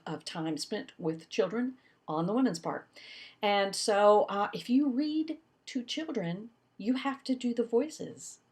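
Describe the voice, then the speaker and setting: Brief: woman instructor, lively lecture delivery, acts out her examples. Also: fairly low pitch. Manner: animated, demonstrating with her voice. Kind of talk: recorded lecture.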